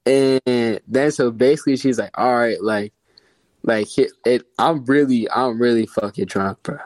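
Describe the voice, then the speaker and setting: A man's voice: mid-range voice, a little slow, darkish tone, dry recording. Slangy young man telling a story. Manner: slangy, laughing, says bro a lot. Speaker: guest storyteller. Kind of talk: casual storytelling chat.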